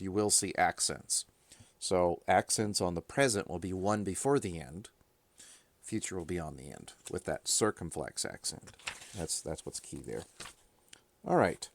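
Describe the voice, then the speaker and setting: Deep-voiced man teaching a grammar lesson. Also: no echo. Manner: thinking aloud, informal, with fillers and self-corrections. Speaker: Greek teacher.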